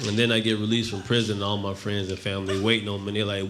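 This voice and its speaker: A man doing a stand-up set on a comedy club stage, telling a long story in a deadpan way and acting out the other people in it. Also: on the low side, brisk, crowd noise. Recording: noisy live club recording.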